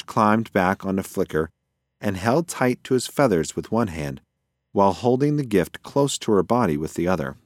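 A man narrating a children's storybook in an expressive, lively storytelling manner. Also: sits low, normal speed, dry recording, clean studio sound. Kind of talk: storybook reading.

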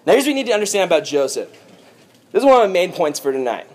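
A male youth pastor telling a sermon story with jokes and playful asides. His voice sits high for a man and he keeps it animated. The tone is casual and comic. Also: rapid-fire.

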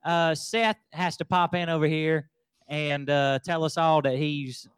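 A man with a slightly high, smooth, clear voice hosts a casual podcast chat. He rambles and restarts his sentences. The mic is close and dry. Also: steady tone, measured pace, dry recording. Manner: rambling, many uhs and restarts. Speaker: podcast host.

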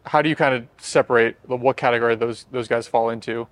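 A young man hosts a casual podcast, talking quickly and leading the questions. His pitch stays level and even throughout, with little rise or fall. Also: no echo. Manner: quick, conversational, leads the questions. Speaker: podcast host.

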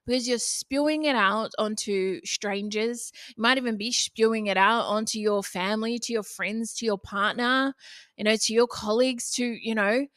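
A woman's voice: on the high side, a bit bright, dry recording. Young NZ-woman, podcast host, frank and sweary, dry sound. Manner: blunt, casual, swears freely. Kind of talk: motivational solo podcast talk.

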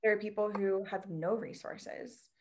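A woman who owns a pole dance studio, chatting casually and telling stories with lively quoted voices. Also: medium pitch, measured pace. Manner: animated storyteller, quotes people with lively voices. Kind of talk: casual chat.

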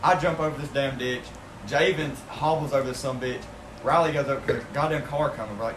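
A man with a Southern US accent telling a story loudly with heavy cursing, laughing between lines. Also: mid-range voice, brisk. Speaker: podcast co-host. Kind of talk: casual storytelling. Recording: echoey room with audible hiss.

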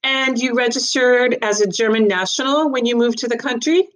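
A woman voicing a brisk, officious woman magistrate in a storybook reading, polished and smoothly professional. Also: fairly high pitch, pitched above the performer's own voice, close to an everyday voice, poor audio.

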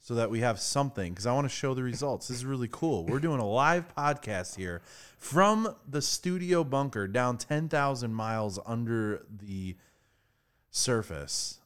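A man's voice: mid-range voice, animated, measured pace, fairly bright tone, clean tone. Guy cohosting a podcast in a studio, joking around, voice jumps all over. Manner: playful, breaks into sung snippets. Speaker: podcast co-host. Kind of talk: casual chat.

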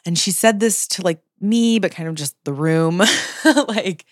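A woman's voice: fairly low pitch, unhurried, no echo. Chatty laughing woman, dry close mic. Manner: chatty, laughing, many fillers and restarts. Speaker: podcast guest. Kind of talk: casual interview chat.

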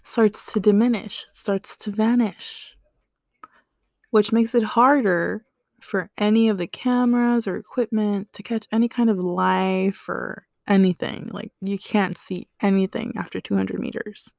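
A woman's voice: medium pitch, fairly even intonation, unhurried, vocal fry, darkish tone, dry recording. A woman hosts a laid-back solo podcast, taking her time through the facts. She breaks in with slangy asides and joking reactions. Her voice sits close and dry on the mic. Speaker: podcast host. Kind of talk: casual solo podcast explainer.

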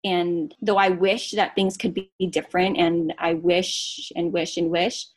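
A woman in her thirties speaking earnestly and reflectively in a casual podcast conversation, often quickening into fast runs. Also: lowish voice, level tone. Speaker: guest.

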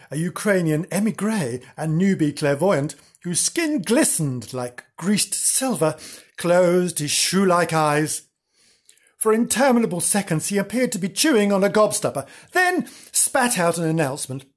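A man narrates his own misadventures in a scripted, first-person telling full of dry humour. His voice is somewhat husky and sits a little on the high side for a man.

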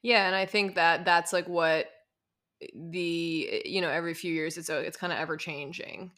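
A young adult woman hosting a podcast, telling stories in a chatty, animated way full of fillers. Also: fairly low pitch, moderate pace. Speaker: podcast host. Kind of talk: casual interview chat.

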